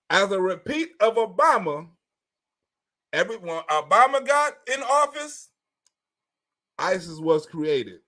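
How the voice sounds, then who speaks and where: A man with a fairly high voice hosts a casual commentary video. He is animated and loose with his words, swearing freely. He keeps tagging his thoughts with a quick "right?". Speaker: commentary host.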